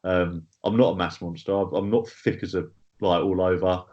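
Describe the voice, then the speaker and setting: This is a man with a fairly low voice, chatting casually as a podcast guest. He rambles with plenty of fillers and some swearing. The audio is a little dull and lo-fi. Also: fairly even intonation, moderate pace, darkish tone. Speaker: guest bodybuilder.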